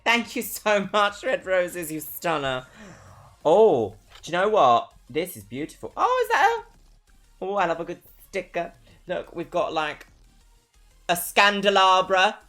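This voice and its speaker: A young woman from London speaks with a London accent in a low but very lively, swooping voice. She chats casually with a live-stream audience, bubbly and quick to laugh. Soft music plays faintly behind her. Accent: London English. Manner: bubbly, chatty, laughs often.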